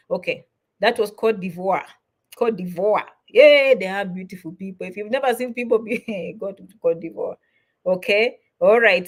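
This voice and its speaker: A middle-aged woman hosting a live stream, chatting warmly with viewers and giving immigration advice. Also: mid-range voice. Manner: warm, repetitive shout-outs, chatty.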